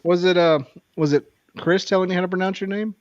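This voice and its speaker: A man's voice: high-pitched, fairly even intonation, a little fast, darkish tone, dry recording, muffled recording. A man co-hosting a casual podcast chat, rambling and ranting playfully.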